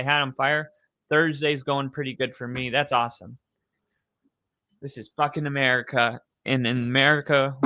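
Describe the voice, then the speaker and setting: A man's voice: medium pitch, bright, forceful tone, dry recording. A young man live streaming, chatting casually with viewers, rambling and swearing as he reads the chat.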